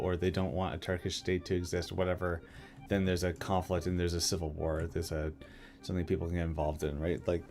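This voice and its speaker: A man's voice: low-pitched, darkish tone. A man talking casually on a live stream, thinking aloud with many fillers and restarts. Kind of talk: casual live-stream chat about a map mod.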